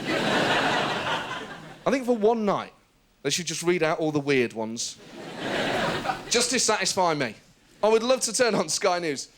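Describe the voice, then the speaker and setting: Animated high-pitched comedian man. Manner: animated, mocking, laughing asides. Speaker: comedian host. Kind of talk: stand-up comedy monologue.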